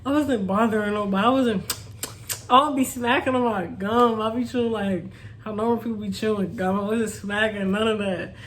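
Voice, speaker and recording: A woman's voice: mid-range voice, steady tone, normal speed, a little hiss or hum. A young woman chatting casually to her viewers, laughing often and calling them y'all. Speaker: vlogger. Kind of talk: casual storytime chat.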